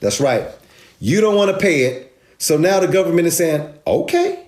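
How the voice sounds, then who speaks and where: Animated man ranting about money. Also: on the high side, moderate pace, reverberant. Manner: emphatic, repetitive, sarcastic, street-casual. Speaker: finance video host. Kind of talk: animated explainer rant.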